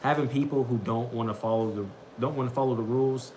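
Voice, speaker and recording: A man's voice: mid-range voice, steady tone, fast talker, mellow, a little hiss or hum. A young man hosting a casual livestream, rambling and repeating himself, often saying bro as he talks about a daily Bible reading.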